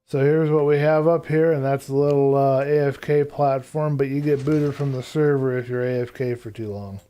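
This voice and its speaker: A man's voice: medium pitch, steady tone, moderate pace, dark tone, smooth. A man streaming live gameplay, rambling casually as he thinks aloud about what to build next. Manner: thinks aloud while planning.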